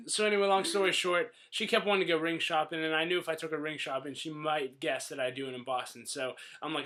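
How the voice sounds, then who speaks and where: A man's voice: on the high side, fairly even intonation, brisk, bright, forceful tone. A young man in his twenties telling his engagement story to the camera in a joking, self-mocking way, often quoting others.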